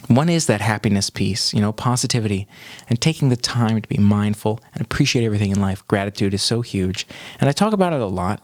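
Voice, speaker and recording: A man's voice: lowish voice, a little mellow, dry recording. A young man vlogging in a casual, upbeat way, rambling and losing his train of thought now and then. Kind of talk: casual chat to camera.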